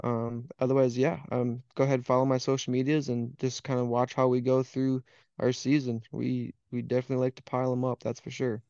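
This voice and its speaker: A man's voice: medium pitch, monotone, a little fast, mellow, smooth, dry recording, highs cut off. A young man from Wisconsin with an Upper Midwest accent, a laid-back podcast guest who laughs easily and acts out what people said to him. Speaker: podcast guest, hunting guide. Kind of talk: casual chat.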